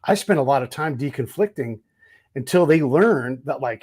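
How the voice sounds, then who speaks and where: A man's voice: mid-range voice, lively intonation, moderate pace, a little mellow, breathy edge. A man hosting a podcast, telling stories in casual, profane talk and acting out the people he quotes. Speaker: podcast host. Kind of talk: casual interview chat, storytelling.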